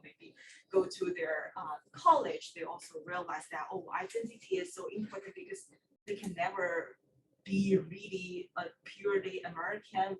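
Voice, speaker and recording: A woman speaking as a panelist in a halting way, searching for her words. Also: mid-range voice, vocal fry. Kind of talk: panel discussion. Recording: echoey room, far mic, faint noise.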